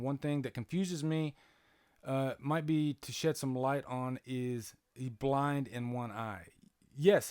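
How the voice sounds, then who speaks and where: A man's voice: mid-range voice, darkish tone, clear, resonant tone. A man hosting a casual live-stream movie commentary from home, chatty, with many fillers and restarts, reading out and answering viewer comments. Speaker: channel host doing live movie commentary. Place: home, near a playing TV.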